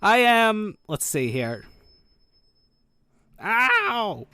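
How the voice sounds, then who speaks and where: Chirpy robot shopkeeper a guy puts on, high voice, swoops all over, bright tone. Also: huge pitch swings, unhurried, no room sound, exaggerated voice. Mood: cheery. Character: cheerful Warforged construct shopkeeper, evasive about his age.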